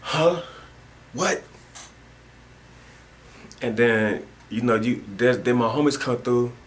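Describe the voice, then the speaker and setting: A man's voice: medium pitch, fairly even intonation, moderate pace, a little hiss or hum. A man talking in a rambling monologue at home, repeating himself and using heavy street slang. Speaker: vlogger. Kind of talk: casual spoken monologue. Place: at home indoors.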